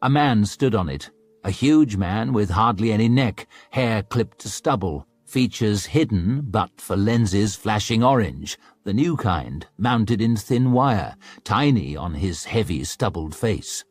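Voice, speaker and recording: A man narrating an audiobook in a dramatic, expressive storytelling manner. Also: lowish voice, measured pace, no room sound.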